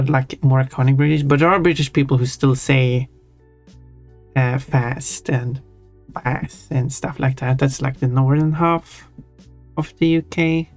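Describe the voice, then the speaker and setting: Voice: mid-range voice, a little mellow, no room sound. A live streamer chatting casually while drawing, musing in a rambling, self-deprecating way. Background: faint chill background music.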